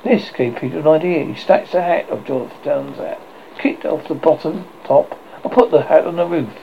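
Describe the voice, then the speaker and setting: A man reading a children's novel aloud for an audiobook in a halting way, often stopping to correct himself, in a dull lo-fi recording. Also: on the high side, gravelly. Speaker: audiobook reader. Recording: dull lo-fi recording with faint hiss.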